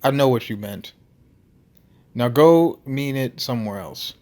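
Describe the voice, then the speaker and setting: A man's voice: medium pitch, expressive, unhurried, a little mellow, natural voice. Nikolai, a man putting on a menacing Russian giant. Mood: threatening. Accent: attempted Russian. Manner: gruff, threatening, clipped. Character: massive menacing male lighthouse keeper with Russian accent. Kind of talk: reading a story game aloud.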